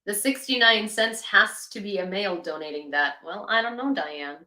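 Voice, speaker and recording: A woman hosts a livestream news commentary in a chatty, sarcastic manner. Her voice is bright and carries in an echoey room. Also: mid-range voice, moderate pace. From Ukraine. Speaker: host.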